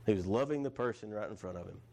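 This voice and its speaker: A man's voice: lowish voice, fast talker, dark tone, slight background noise. A man preaching a sermon in a conversational way. He restarts his phrases and asks his listeners questions. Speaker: pastor.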